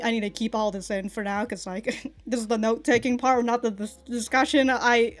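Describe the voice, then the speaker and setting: Excitable, foul-mouthed woman reacting. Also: a little high. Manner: excitable, swears a lot, laughs often; rambling with frequent restarts. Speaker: reaction video host. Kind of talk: casual reaction commentary.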